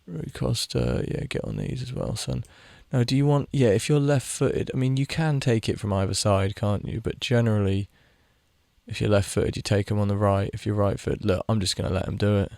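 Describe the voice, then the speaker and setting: A man's voice: on the low side, lively intonation, moderate pace, vocal fry, a little mellow, no room sound. A young man giving rambling, casual commentary while playing a game, swearing freely and chatting to the players on screen. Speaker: gaming video creator.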